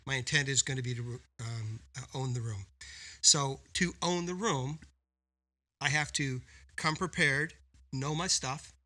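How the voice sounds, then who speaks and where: Here a male co-host of a business podcast talks unhurriedly at a medium pitch, his voice pushed and bright. His style is emphatic and coaching, with frequent "right?" tags, in a relaxed business-chat setting.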